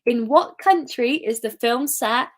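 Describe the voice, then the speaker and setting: A woman's voice: fairly high pitch, unhurried. A woman hosting a casual live-stream quiz, chatty and giggly, sometimes singing short snippets. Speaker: quiz host.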